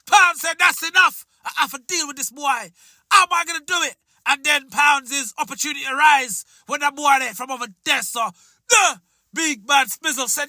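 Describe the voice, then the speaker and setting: A man hosting a commentary channel, loudly taunting and shouting. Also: very high voice, moderate pace, no room sound. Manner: loud, taunting, shouting often. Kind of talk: hyped street-style commentary.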